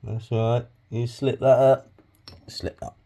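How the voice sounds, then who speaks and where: A man's voice: medium pitch, steady tone, takes it slowly, creaky, warm tone. A man making clay pots as he talks, rambling and swearing freely, often muttering asides under his breath. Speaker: crafting hobby vlogger. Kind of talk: casual crafting tutorial.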